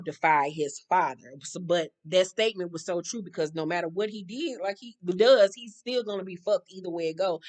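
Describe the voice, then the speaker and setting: A woman hosting a casual TV episode recap and retelling the plot in a profane, animated way full of slang. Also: deep voice. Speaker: TV recap host.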